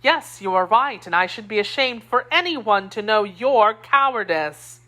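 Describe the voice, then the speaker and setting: Woman reader doing a fierce young wife, scornful and passionate, pitch leaping all over. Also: lively intonation, normal speed, pushed and bright. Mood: indignant. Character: spirited young woman, loyal to her queen.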